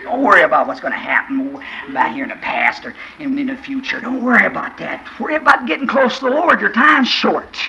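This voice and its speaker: A fervent male preacher with a high, bright, cutting voice and a gravelly edge. His pitch leaps wildly, from hushed asides to cried-out shouts. He keeps pressing the congregation with questions. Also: big pitch swings, fairly quick, hardly any pauses, highs cut off. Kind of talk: sermon.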